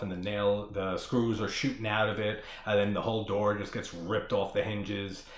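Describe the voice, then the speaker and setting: A man's voice: fairly low pitch, echoey room. A man hosting a casual horror movie discussion, rambling and swearing as he talks through scenes. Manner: profane, rambling, enthusiastic. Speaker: horror movie podcast host.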